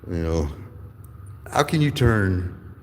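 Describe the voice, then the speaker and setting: A man's voice: sits low, lively intonation, slow, darkish tone, in a large hall, a little hiss or hum. A man in his fifties ranting angrily and profanely while livestreaming, telling rambling stories. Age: 50s. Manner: angry, profane, rambling storytelling. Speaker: livestreaming channel host. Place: courthouse building with echo.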